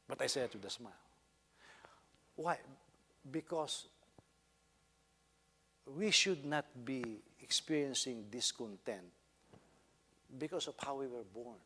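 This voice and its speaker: A man's voice: medium pitch, a little slow, long pauses, bright, forceful tone, breathy edge, long reverb tail. A man with a Filipino accent, a pastor telling a personal story in a sermon and rising into emphatic exhortation. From Philippines.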